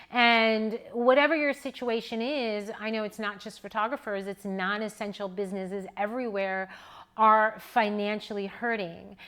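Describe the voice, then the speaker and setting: A woman's voice: medium pitch, a bit bright, clean tone. A middle-aged woman photographer speaking from home in an earnest, heartfelt monologue full of restarts. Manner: earnest, with restarts and rising emotion. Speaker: newborn photographer and educator.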